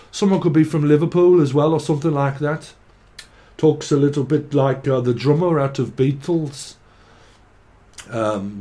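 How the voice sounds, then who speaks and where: A man's voice: on the high side, normal speed, dark tone. Rambling man doing a tarot reading. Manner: rambling, swearing, breaks into sing-song chanting. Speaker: tarot reader. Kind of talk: casual psychic reading monologue.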